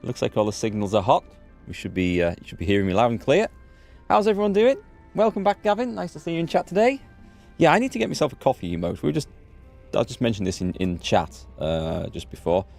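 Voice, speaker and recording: A man's voice: medium pitch, big pitch swings, fast talker, creaky, a little mellow, faint music behind. A man from northeast England streaming a video game, chatty and self-deprecating as he thinks aloud. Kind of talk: casual live-stream commentary.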